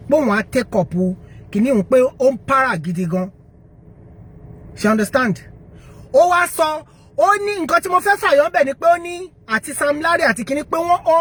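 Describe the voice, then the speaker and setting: High-voiced Nigerian woman, live-stream speaker, emphatic, rhetorical, code-switching. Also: breathy edge. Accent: Nigerian, Yoruba. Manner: switching between English and Yoruba, emphatic, rhetorical questions. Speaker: online motivational speaker. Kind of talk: live-stream commentary to viewers.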